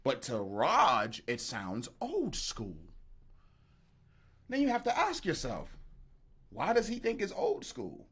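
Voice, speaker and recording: A man's voice: medium pitch, slow pace, pauses often, husky. A man making beats on a livestream, chatting casually and joking with viewers in the chat. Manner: animated, joking, talks straight to the chat. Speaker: beat producer streaming live.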